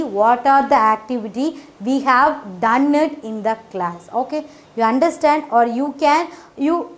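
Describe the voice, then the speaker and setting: A woman teaching phonics in a casual explanatory way, with frequent fillers and repeated check-ins, in non-native English grammar. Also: high-pitched.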